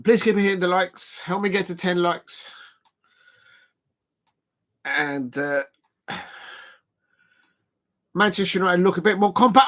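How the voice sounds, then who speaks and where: A man hosting a casual live football watch-along, chatty and excitable, counting exercise reps between remarks and shouting at big moments. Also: sits high, takes it slowly, pauses often. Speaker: livestream watch-along host.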